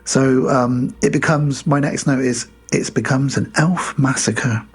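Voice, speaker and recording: A man co-hosting a podcast, casually recapping a film plot and slipping into quick mock voices. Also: medium pitch, steady tone, slightly rough. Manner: retells scenes with quick mock voices and laughs. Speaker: podcast co-host.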